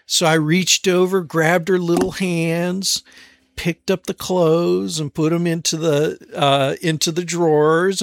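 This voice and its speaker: Man in his forties, gravelly, fairly high voice, relaxed parenting stories, dry close sound. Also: dry recording. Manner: relaxed storytelling, frequent restarts and slower stretches. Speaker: parent sharing advice. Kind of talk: casual talk on parenting.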